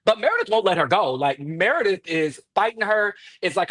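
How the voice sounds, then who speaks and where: A man hosting a casual reality TV recap podcast, telling the story in an animated way and laughing often. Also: high voice, moderate pace, hardly any pauses, dry recording. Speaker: podcast host.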